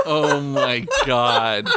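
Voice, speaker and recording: A man co-hosting a comedy podcast, laughing, swearing and reacting loudly to a story. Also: mid-range voice, fairly even intonation, very slow, over a noisy crowd. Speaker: podcast co-host. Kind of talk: casual chat.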